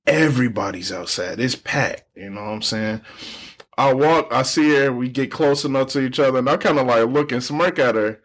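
A man's voice: mid-range voice, normal speed. A young man casually telling a long story on a podcast, slangy, acting out what people said. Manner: animated storyteller, slangy, acts out quoted people. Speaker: podcast co-host.

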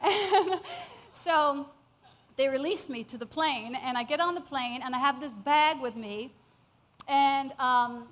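A woman telling a personal story to an audience, animated and laughing often as she acts out what people said. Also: high-pitched, slow pace.

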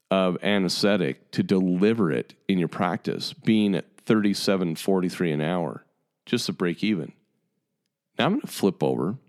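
A man in his fifties with a lowish voice, talking straight to fellow dentists. He sounds exasperated and emphatic, circling back on his words and hammering each point home in an impassioned monologue. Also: a little mellow. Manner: emphatic, exasperated, repeats himself. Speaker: dentist addressing colleagues.

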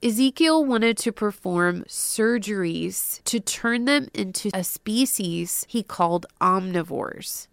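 A woman host narrating a true crime story from a script, adding personal asides and dropping to a hush at the dark moments. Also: mid-range voice, gravelly, no room sound, clean studio sound.

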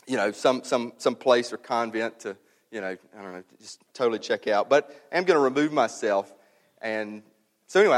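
A man's voice: mid-range voice, big-room sound. A man, a pastor talking to his congregation in a casual, candid way with many fillers. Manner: casual and candid, many fillers, reads a passage aloud slowly. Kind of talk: sermon announcement, conversational.

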